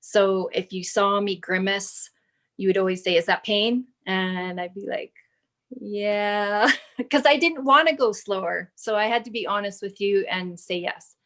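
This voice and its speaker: A woman in her thirties, a fitness client, talking slowly and thoughtfully in a casual chat and at times reading from her notes. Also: medium pitch, fairly bright tone. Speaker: client giving a testimonial. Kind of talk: casual video call chat.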